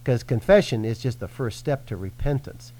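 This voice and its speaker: Male minister, lively swooping delivery, earnest teaching tone. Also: mid-range voice, moderate pace, poor audio. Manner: earnest, animated preaching with acted-out quotes. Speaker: Christian minister. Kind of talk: teaching in a radio-style conversation.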